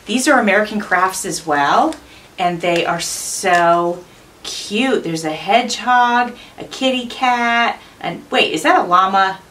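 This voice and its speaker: A woman's voice: medium pitch, expressive, slow, a bit bright. Woman vlogger oohing over journal goodies, kinda distant mic, light hiss behind. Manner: gushing, enthusiastic, chatty. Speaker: craft channel host. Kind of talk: unboxing narration.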